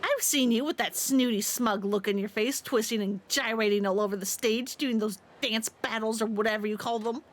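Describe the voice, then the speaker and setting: A woman's voice: on the high side, moderate pace, hardly any pauses, lightly acted. A woman voicing a haughty, boastful young female rival idol in a snide, bossy way, reading game dialogue aloud on a stream. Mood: scornful.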